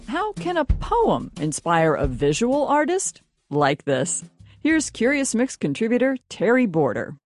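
A woman presenting a radio program, delivering crisp scripted introductions. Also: fairly high pitch, wildly swooping pitch, a little slow, darkish tone, no room sound, faint music behind. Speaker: radio host.

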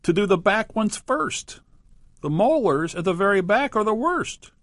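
Male reader doing a cunning crocodile, raised teasing pitch, animated delivery. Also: unhurried, no room sound, studio quality, exaggerated voice. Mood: sly. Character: grinning sly male crocodile patient. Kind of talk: reading a poem aloud.

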